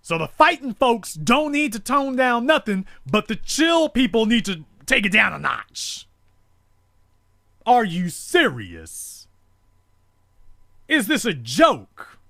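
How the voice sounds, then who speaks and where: Impassioned talk-show host, high and lively. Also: male voice, slow pace, vocal fry, long pauses, no echo, clean studio sound. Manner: forceful, rhetorical, repetitive emphasis. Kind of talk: impassioned call-in show monologue.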